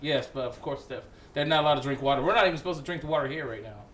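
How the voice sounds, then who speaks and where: A man hosting a casual podcast chat with friends, loud and laughing, hyping up the intro. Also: mid-range voice, very fast. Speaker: podcast host. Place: small home-built podcast studio. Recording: roomy studio, mic set back, faint room noise.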